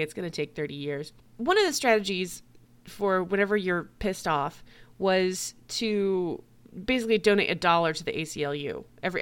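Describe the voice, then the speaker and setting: A woman's voice: fairly low pitch, clear, resonant tone. A woman hosting a podcast, ranting bluntly in a casual monologue, swearing often and laughing between points. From United States. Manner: blunt, profane, laughing, animated. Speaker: podcast host.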